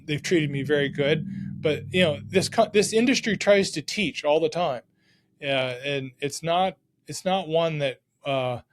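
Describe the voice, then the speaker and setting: A middle-aged man, a podcast guest, telling stories from his working life in a casual, excited and energetic way. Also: fairly high pitch. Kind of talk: casual storytelling.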